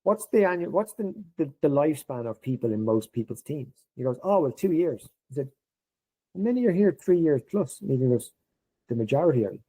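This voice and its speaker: Husky dark-voiced man telling stories. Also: fairly high pitch, fairly quick, rough recording. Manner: animated, acts out quoted dialogue in a raised voice. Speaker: podcast guest. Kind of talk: casual storytelling conversation.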